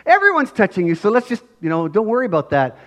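Man playing incredulous disciple, blunt, scoffing, higher voice. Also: wildly swooping pitch, fast talker. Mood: exasperated. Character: exasperated blunt male disciple.

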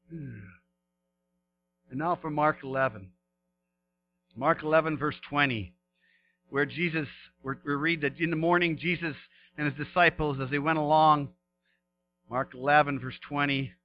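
Male pastor, high voice, animated preaching with surging emphasis and soft drops; slightly muffled recording, faint hum behind. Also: normal speed. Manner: animated preaching, voice rising to emphatic peaks then dropping soft. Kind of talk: sermon with scripture reading.

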